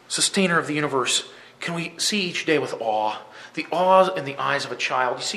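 Man, teacher, inspirational talk, impassioned, emphatic, forceful bright tone. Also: fairly high pitch. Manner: impassioned, emphatic, swings between loud and hushed. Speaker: teacher speaking to fellow teachers. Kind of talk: earnest inspirational talk with poem recitation.

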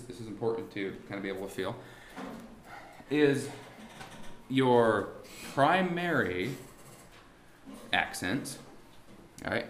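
A man teaching a class on musical timing, talking haltingly with many restarts and asking the students rhetorical questions. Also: medium pitch, echoey room, slight background noise. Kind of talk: classroom lesson on beat patterns. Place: warm indoor classroom.

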